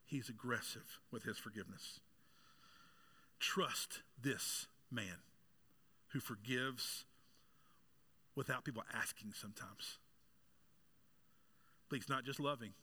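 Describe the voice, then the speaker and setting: Bright-voiced male pastor preaching. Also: medium pitch, slow pace, pauses often, slightly rough. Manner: preaching with rising intensity, asking the congregation questions; joking aside with congregation members. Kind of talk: sermon.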